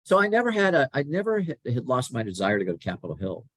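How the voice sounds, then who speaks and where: A man's voice: medium pitch, fast, slightly rough, no echo. A middle-aged man as a podcast guest, telling stories about his career in a casual way and acting out bits of dialogue. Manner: animated, acts out quoted dialogue. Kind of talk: conversational storytelling.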